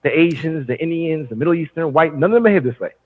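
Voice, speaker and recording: A man on a panel arguing his point in a deliberate, lecturing way. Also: a little high, lively intonation. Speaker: panel guest. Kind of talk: opinionated commentary. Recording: husky voice over phone line.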